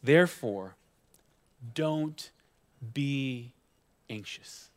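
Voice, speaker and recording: A man's voice: medium pitch, very slow. A man in his thirties, a guest pastor, preaching a conversational sermon full of rhetorical questions and asides.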